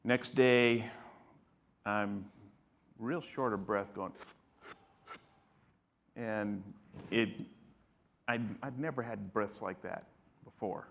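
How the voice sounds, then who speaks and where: Brief: fifty-something man, lower voice, casual humorous storyteller on stage. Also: very slow, vocal fry, long pauses, fairly bright tone. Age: 50s. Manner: casual, humorous, acts out others' lines in dialogue. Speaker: patient guest. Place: conference stage.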